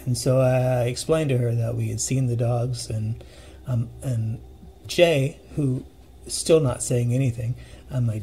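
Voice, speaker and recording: A man telling a personal ghost story in a casual, earnest way, pausing and restarting as he recalls the details. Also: mid-range voice, steady tone, dark tone, a little hiss or hum. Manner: earnest, halting retelling with restarts and vivid detail.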